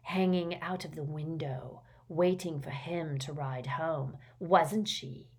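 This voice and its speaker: A woman plays a deranged young man, cruel and gleeful, half whispering as he taunts his sister. The hiss and crackle in his voice sound unsettling. A low-pitched storybook villain. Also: slow pace, a little mellow, breathy edge, exaggerated voice. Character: unhinged vicious young man, hissing and gleeful.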